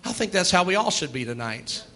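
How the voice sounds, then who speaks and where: A man's voice: high voice, big pitch swings, brisk, bright, forceful tone. A middle-aged man, preaching a sermon in an emphatic, rising and falling cadence.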